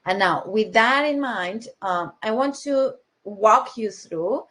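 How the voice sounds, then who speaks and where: A woman's voice: on the high side, expressive, slow pace, fairly bright tone. A young adult woman with a cold, giving a conference talk on technology, explaining with frequent fillers and restarts. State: has a cold. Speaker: conference speaker.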